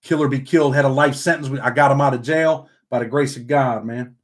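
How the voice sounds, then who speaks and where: A man from upstate New York who talks with a Southern country twang after many years living down south. He hosts a relaxed livestream, reads the chat out loud and ends nearly every sentence with "man". His voice sits at an ordinary middle pitch for a man. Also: a little fast. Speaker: livestream host reading chat.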